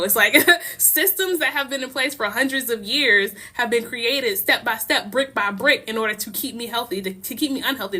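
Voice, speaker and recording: A young woman from the United States talks straight to her livestream viewers, rambling and heated, laughing often as she restarts her sentences. Her voice sits a little high and sounds bright and forceful. It is an everyday, unscripted monologue. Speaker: livestream host.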